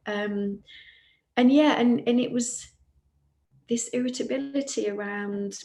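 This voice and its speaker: A woman with a voice on the higher side tells a story of a healing session in a casual, heartfelt way. She often quotes the other person gently. The room around her sounds roomy and echoey. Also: takes it slowly, pauses often. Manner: warm, earnest retelling of a client session, quoting her softly. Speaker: podcast co-host.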